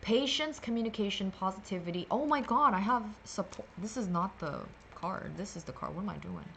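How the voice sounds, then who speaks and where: A woman's voice: medium pitch, lively intonation, fairly quick, gravelly, a bit bright, a little hiss or hum. A woman hosting a meditation livestream, talking casually and sassily through a card reading, rambling with playful filler sounds.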